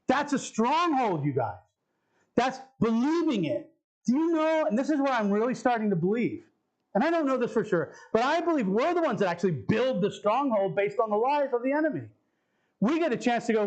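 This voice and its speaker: Male pastor, high voice, casual preaching style that repeats key lines. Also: lively intonation, normal speed, rough recording. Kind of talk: sermon. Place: church sanctuary.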